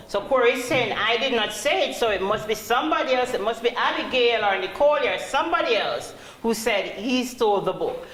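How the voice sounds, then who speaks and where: Slow, deliberate woman trainer. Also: on the high side, fairly bright tone. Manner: calls on students, asks questions. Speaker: call-centre trainer. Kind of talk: classroom teaching. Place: training classroom. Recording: roomy classroom, faint hum.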